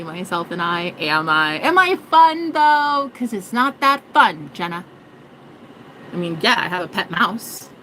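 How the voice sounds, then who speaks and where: A woman's voice: fairly low pitch, sharp tone, a little hiss or hum, low-quality recording. A woman vlogging in a rambling, joking monologue, swearing and mocking herself. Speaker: spiritual vlogger.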